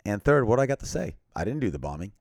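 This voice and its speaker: Deep-voiced earnest man telling a story. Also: big pitch swings, racing, gravelly, no room sound, studio quality. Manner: earnest, emphatic, often drops to a quiet, grave tone. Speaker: interview guest. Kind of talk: personal storytelling in an interview.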